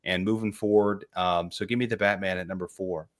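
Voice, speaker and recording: A man's voice: low-pitched, steady tone, a little fast. A man co-hosting a casual movie podcast, enthusiastic and rambling. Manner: enthusiastic, rambling, lots of fillers. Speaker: podcast co-host. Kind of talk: casual chat.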